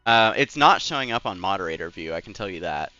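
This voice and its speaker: Bright, crisp young man rambling on stream. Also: low voice, expressive, fast talker, no echo, highs cut off, faint music behind. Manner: rambling, filler-heavy, self-deprecating. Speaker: game streamer. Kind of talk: casual live-stream chat.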